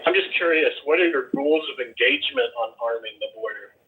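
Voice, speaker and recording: A man's voice: medium pitch, lively intonation, fast talker. A man pressing a candidate with impatient questions in a heated online debate. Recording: tinny call audio.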